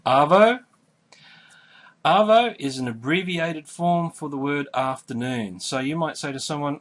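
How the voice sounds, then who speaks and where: A man with an Australian accent, hosting a casual vocabulary lesson and explaining words slowly with everyday examples. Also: a little high, expressive, a bit bright. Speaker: host.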